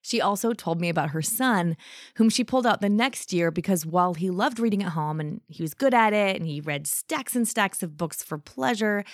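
A woman's voice: mid-range voice, no echo, clean studio sound. A woman hosting a podcast about books, introducing clips with chatty asides. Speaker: podcast host. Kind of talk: podcast narration and commentary.

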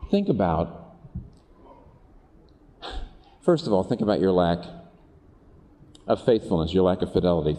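Pastor preaching, swings his pitch a lot, mellow tone, big echoey hall. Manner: earnest, animated preaching with rhetorical questions. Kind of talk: sermon. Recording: long hall reverb.

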